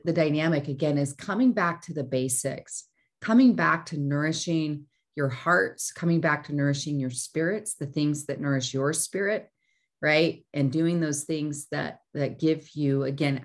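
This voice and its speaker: A woman hosting a motivational talk, speaking earnestly and often checking in with "right?". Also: low-pitched. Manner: earnest, repeats phrases with "right?". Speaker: host. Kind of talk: motivational teaching chat.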